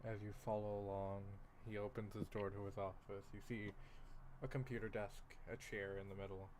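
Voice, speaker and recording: A man's voice: on the low side, level tone, fairly quick, darkish tone, a little hiss or hum. A man running a tabletop game as game master, joking and laughing between narration.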